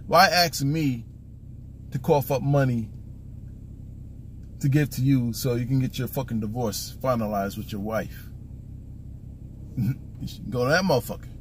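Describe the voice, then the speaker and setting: A man's voice: mid-range voice, a little hiss or hum. A man telling a story as a casual, profane rant in a car, exasperated and acting out the back-and-forth dialogue. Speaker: vlogger.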